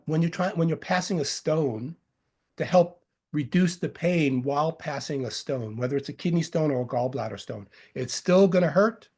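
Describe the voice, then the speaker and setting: Rambling herbalist with a faint Long Island accent. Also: male voice, a little high, darkish tone. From Long Island, New York. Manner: rambling and jokey, with self-corrections and fillers. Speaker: herbal medicine teacher. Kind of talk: informal lecture.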